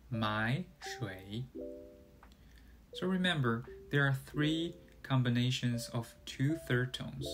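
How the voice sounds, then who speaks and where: Male tutor, unhurried, mid-pitched voice, walks through sounds one by one over guitar music. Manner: careful, demonstrating sounds one by one. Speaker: Chinese language teacher. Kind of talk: slow explanatory language lesson.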